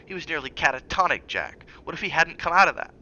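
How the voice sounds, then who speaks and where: Guy reading a worried young wife, urgent and pleading, bright sharp tone, bit muffled. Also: on the high side, very animated, fast, a little hiss or hum, pitched above the performer's own voice, full character voice. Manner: urgent, rising when pleading, hushed when soft.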